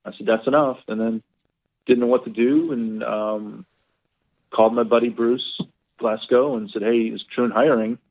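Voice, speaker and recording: A man on a podcast, a golf professional, telling long stories in a rambling, animated way full of fillers. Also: medium pitch, normal speed. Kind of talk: casual storytelling interview. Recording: phone-line quality.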